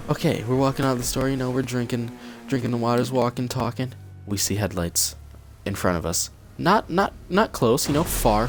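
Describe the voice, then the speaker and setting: A young man casually telling a personal story on his channel, acting out what people said with lively energy. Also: medium pitch, a little hiss or hum. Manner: animated storytelling, acts out quotes. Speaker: vlogger. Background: cat in the room.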